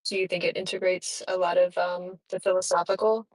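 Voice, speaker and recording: A woman's voice: lowish voice, little pitch movement, fairly quick, rough recording. A woman in a casual discussion, asking questions hesitantly with frequent likes and ums.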